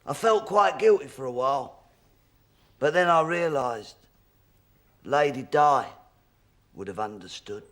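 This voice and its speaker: A man's voice: medium pitch, lively intonation, a little slow, pauses often, a bit bright. An actor playing a hapless, muddled man who rambles hesitantly, full of ums and restarts, in a sitcom. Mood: rambling. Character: hapless, muddled adult man, easily flustered. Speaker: pub regular. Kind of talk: sitcom acting.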